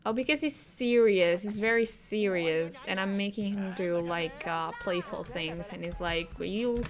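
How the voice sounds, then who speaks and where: Slow-talking woman commenting on gameplay. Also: fairly low pitch. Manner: chatty, talks to the game characters, laughs often.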